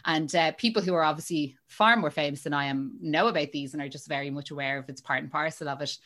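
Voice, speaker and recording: A woman's voice: deep voice, fast talker, fairly bright tone. A woman in her thirties, an actor guest on a podcast, talking casually with frequent laughs and restarts. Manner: chatty, laughs often, many restarts. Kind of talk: casual interview chat.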